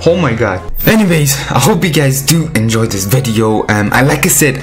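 A man commentating his mobile game live, talking straight to his viewers and begging for lucky pulls. His voice swings wildly, dropping low when he explains things, then shooting up into squeals when something surprises him. Faint game music plays behind him. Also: normal speed, hardly any pauses. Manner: excitable, jumps into high squealing outbursts; pleading and chatty toward viewers.

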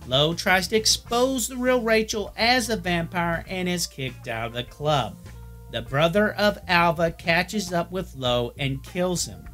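A man's voice: high voice, unhurried, a bit bright, soft background music. A man narrating an opinionated film review in a blunt manner.

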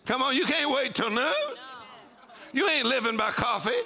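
A man, preaching a sermon with shouted exclamations and call-and-response to his congregation. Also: very high voice, moderate pace. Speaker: pastor. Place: church auditorium with congregation.

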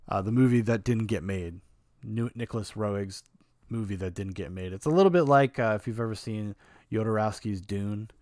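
Man, podcast host, casual film review, rambling, opinionated, deep voice, dry sound. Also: no echo. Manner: rambling, frank and opinionated, with swearing and self-corrections.

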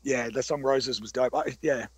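A man's voice: mid-range voice, normal speed, slightly rough, no echo. A man in his thirties, a recording engineer, telling studio stories in a loose, rambling interview with lots of restarts. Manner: rambling with many restarts and fillers. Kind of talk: casual interview talk.

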